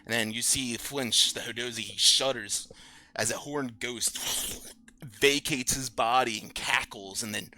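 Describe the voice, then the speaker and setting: A man's voice: medium pitch, steady tone, measured pace, sharp tone. A man narrating a tabletop game as dungeon master, casual with many fillers.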